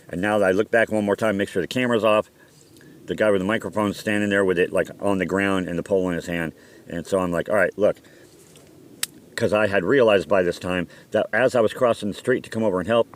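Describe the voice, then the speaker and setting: A man telling a story from his own life in a casual, blunt, profane way, acting out heated quotes. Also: on the low side. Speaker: storyteller recounting a personal incident.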